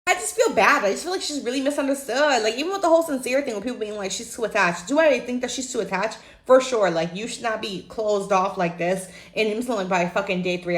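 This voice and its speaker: A woman's voice: medium pitch, roomy sound. A young woman ranting casually about a reality show, blunt and profane, acting out what people said. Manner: animated, blunt, profane, acts out quotes. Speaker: reality TV commentator. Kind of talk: casual opinion rant to camera.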